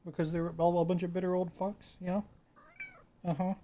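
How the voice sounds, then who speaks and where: A man's voice: high-pitched, little pitch movement, normal speed, dark tone. A man at home chatting to his cat by a desk microphone, coaxing and cooing at her in casual pet talk with offhand mutters. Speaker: streamer talking to his cat.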